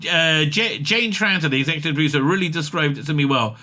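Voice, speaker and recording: A man giving casual comic commentary on an interview, excitable and rambling, with many fillers and laughs. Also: fairly high pitch, quick pace.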